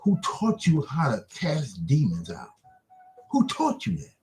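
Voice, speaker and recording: A man hosting an online broadcast, delivering an impassioned religious monologue with rapid-fire rhetorical questions that taunt the listener. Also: on the high side, huge pitch swings, a little mellow, soft background music.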